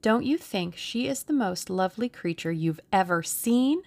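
A woman's voice: mid-range voice, expressive, moderate pace, creaky, a little mellow. A woman voicing a playful young Englishwoman in an audiobook, with a lilting, coy delivery. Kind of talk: audiobook character reading.

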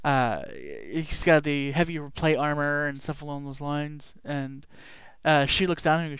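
Smooth-voiced man running a tabletop game. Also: a little high, fairly even intonation, a little slow, hardly any pauses, fairly bright tone, no echo, lo-fi sound. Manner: rambling, full of fillers and restarts. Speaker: game master.

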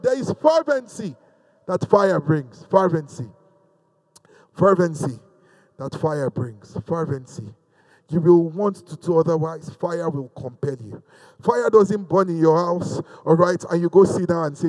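A man preaching a fervent sermon, repeating phrases and shifting between loud exhortation and quiet, confiding asides. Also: sits high, a little slow, poor audio.

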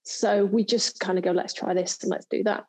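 A chatty woman from England telling a story in an interview. Her voice is mellow and a little husky, and she talks easily, with many fillers and restarts. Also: medium pitch, fairly even intonation, moderate pace, rough recording. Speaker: guest, golf presenter and former pro golfer. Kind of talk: casual interview chat.

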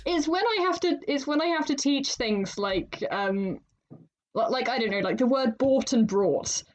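A woman's voice: high-pitched, animated, moderate pace, dull audio. A woman hosting a writing podcast in casual chat, chatty and laughing often. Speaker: podcast host.

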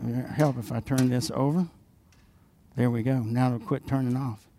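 A man preaching a sermon as pastor, dropping into quiet asides and rising loud and emphatic when he reads scripture, calling for responses from the congregation. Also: mid-range voice, steady tone, normal speed, a little hiss or hum.

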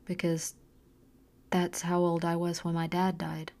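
Woman reader doing a stern, earnest middle-aged mom in an audiobook; slow, deliberate, pressing. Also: on the low side, completely flat delivery, darkish tone, voice pushed down. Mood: insistent. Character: intense middle-aged mother, hard on her daughter. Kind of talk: audiobook character voicing.

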